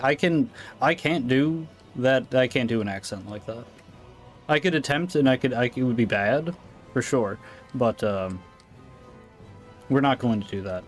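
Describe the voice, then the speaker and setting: An American man streaming a game live, chatting loosely and answering viewers in asides. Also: mid-range voice. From United States. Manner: rambling, reacting to chat with asides. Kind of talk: casual live-stream chat while gaming.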